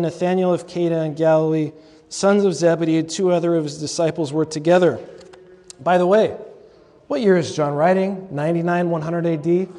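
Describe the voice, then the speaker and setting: This male host has a high yet dark-toned voice and delivers a humorous, chatty lecture on scripture, with side remarks to the crowd. It was recorded live in a big convocation lecture hall, so a long reverb trails his words.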